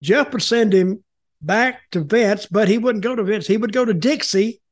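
An older man hosts a laid-back chat, speaking at normal speed in a high voice. A wrestling storyteller, he rambles through anecdotes, repeats words, restarts sentences, and acts out what people said.

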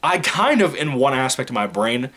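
A man from Virginia talks through a movie review in a loose, rambling way. He is blunt and swears freely, and often laughs. His voice sits at an ordinary middle pitch. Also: sing-song, normal speed, fairly bright tone. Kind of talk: casual video review.

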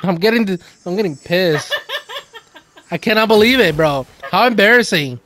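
A man hosting a gaming channel, giving casual, excitable gameplay commentary full of swearing and laughter. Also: high voice, moderate pace, background noise.

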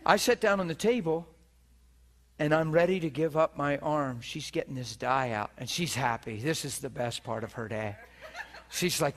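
A man preaches with a high, bright voice into a handheld mic. He tells his story in an animated way and acts out the other people in it. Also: normal speed. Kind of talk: storytelling sermon. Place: teaching hall before an audience.

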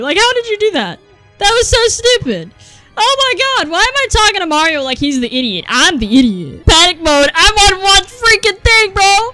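A young woman giving excited commentary while playing a video game, yelling at the screen and muttering to herself. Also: high voice, moderate pace. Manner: animated, yelling at the game, swings from mutters to shrieks. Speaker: gameplay streamer. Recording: faint game music behind.

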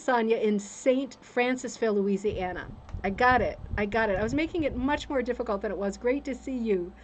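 Chatty woman hosting a livestream. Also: high voice. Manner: chatty, greets viewers by name. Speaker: host of a rug hooking livestream. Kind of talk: casual livestream chat. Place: room on a home's second floor with a fan. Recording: faint room noise, fan hum.

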